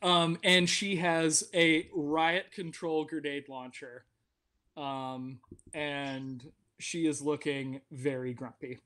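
A man's voice: fairly high pitch, steady tone, takes it slowly, bright, forceful tone. A man from Virginia narrating as game master of a tabletop game, rambling and self-mocking.

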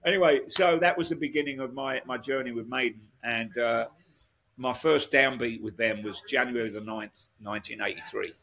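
A man's voice: mid-range voice, normal speed, gravelly, sharp tone. A man, a guest musician telling rambling stories in a casual interview, full of restarts and asides.

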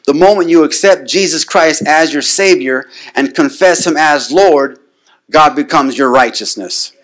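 Speaking at a measured pace in a highish, somewhat bright voice, a man delivers a sermon full of "amen?" checks to the congregation, escalating into rising, repetitive declarations.

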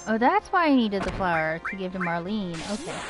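A woman's voice: mid-range voice, big pitch swings, fairly quick. A woman giving casual, giggly commentary while playing a game, talking to herself. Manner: giggly, chatty, talks to herself. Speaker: game streamer. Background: game music.

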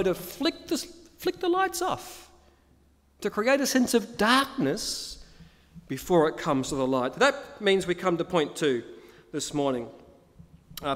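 Emphatic, lively-voiced male preacher. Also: high voice. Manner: emphatic, repeats key phrases, asks rhetorical questions. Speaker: pastor. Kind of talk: sermon. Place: church. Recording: long reverb of a church hall.

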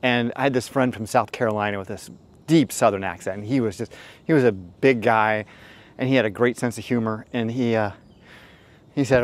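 A man's voice: mid-range voice, a little fast. A middle-aged man giving dating advice as a host, telling stories in a casual, rambling way with frank, profane asides and many fillers. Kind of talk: casual storytelling monologue.

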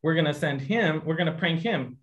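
A man with a fairly high voice casually recounts an anecdote about his painting, acting out each character's lines as he goes. His delivery is loose, full of fillers, and animated. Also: fairly quick, lo-fi sound. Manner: animated anecdote teller, acts out voices in quotes. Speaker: guest artist giving a painting demo. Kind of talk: casual storytelling to a video call audience.

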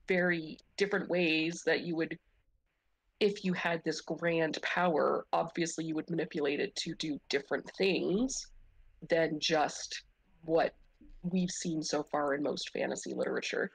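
A woman's voice: deep voice, steady tone, unhurried, slightly rough, no echo. A woman in a book club chatting casually, frank and wry, rambling through her thoughts. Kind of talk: casual chat.

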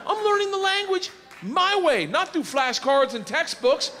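A man doing stand-up storytelling, animated and shouting his punchlines, recorded live in a reverberant hall. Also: very high-pitched, moderate pace. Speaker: stand-up comedian. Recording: live comedy hall reverb, faint noise.

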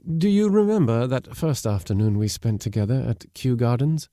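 A man reading aloud, voicing an earnest, self-assured gentleman who speaks intimately of the past. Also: medium pitch, expressive, moderate pace, no room sound, clean studio sound, lightly acted.

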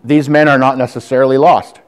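A man's voice: mid-range voice, fairly even intonation, fairly quick. A man preaching defiantly to a congregation, calling listeners brother and sister. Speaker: lay preacher. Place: church hall with audience.

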